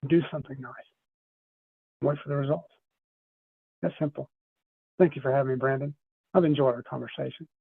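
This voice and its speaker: A man's voice: mid-range voice, steady tone, brisk, gravelly, long pauses, husky, no echo. A middle-aged man, a podcast guest, telling a personal story in an earnest, rambling way, often restarting his phrases. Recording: tinny phone-line sound.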